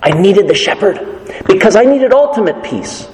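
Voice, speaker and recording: Pastor, male, fairly high voice, earnest measured sermon delivery, church hall reverb. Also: sing-song, a little mellow, slight background noise. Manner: earnest, measured preaching with scripture quotes.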